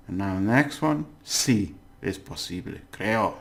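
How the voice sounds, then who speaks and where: A man walks through a language lesson in a relaxed, chatty way. His voice sits low and he takes his time, often stopping to fix his own slips with a laugh. It sounds like a casual home-made class. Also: measured pace. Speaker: language teacher.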